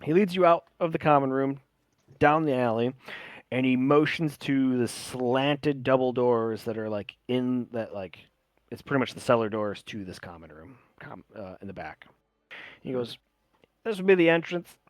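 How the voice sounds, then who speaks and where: A man's voice: medium pitch, normal speed, no room sound. A man narrating a tabletop game as game master, casual with frequent fillers.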